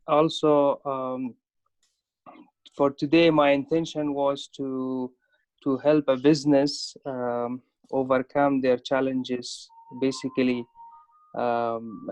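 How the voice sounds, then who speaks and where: A man's voice: medium pitch, a little mellow, no echo. A man from Afghanistan introducing himself on a video call, hesitant with many fillers. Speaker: youth delegate.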